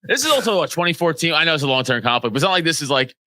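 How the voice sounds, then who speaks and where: A man's voice: on the high side, sing-song, rapid-fire, bright, forceful tone, no room sound. A man co-hosting a podcast, joking around with plenty of swearing and laughter. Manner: joking, profane, laughs often. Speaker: podcast co-host. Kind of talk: casual chat.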